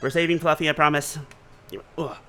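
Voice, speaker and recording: A man's voice: a little high, level tone, brisk, sharp tone, slight background noise. A man giving casual, joking commentary on a game he plays, chatty and swearing now and then. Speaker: let's-player. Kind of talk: casual game commentary while reading dialogue.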